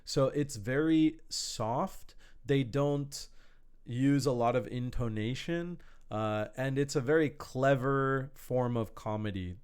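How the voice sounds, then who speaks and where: A man's voice: mid-range voice, slow, darkish tone, clean tone. A man teaching an online English lesson to a camera in a room, explaining words patiently with simple examples. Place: indoor room, warm. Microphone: speaking to a camera.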